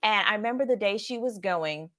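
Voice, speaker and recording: A young adult woman, a nurse, telling stories to camera in a soft, earnest way with frequent restarts. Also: mid-range voice, expressive, fairly quick. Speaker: nurse and vlogger. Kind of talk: casual storytelling to camera.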